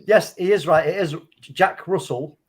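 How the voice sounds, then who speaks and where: Man, slangy banter, laughs a lot, fairly high voice. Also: measured pace, slightly rough. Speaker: co-host. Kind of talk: casual chat.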